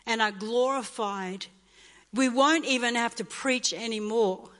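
Woman pastor, fifties, from Australia, high voice, impassioned repetitive preaching, long hall echo. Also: fairly bright tone. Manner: impassioned, repetitive preaching with rising emotional bursts. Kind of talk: sermon. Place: church hall.

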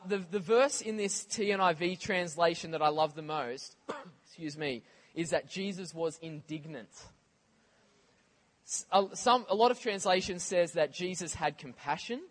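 A man preaching a sermon in a conversational, animated way, with casual asides to the congregation. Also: high voice.

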